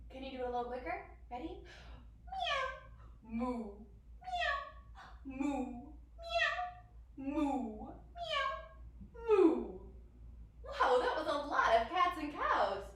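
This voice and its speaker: A woman's voice: high voice, fairly bright tone. Bubbly woman teaching kids' yoga. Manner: bubbly and encouraging, talks to children, makes animal sounds. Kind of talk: guided kids' yoga class. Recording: very echoey room from far off.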